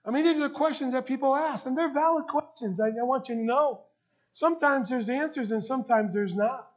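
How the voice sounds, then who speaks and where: A pastor with a high, light voice delivers a heartfelt sermon from the pulpit of a church. He speaks earnestly and emotionally, pressing his congregation with emphatic repeated questions. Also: brisk. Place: church sanctuary.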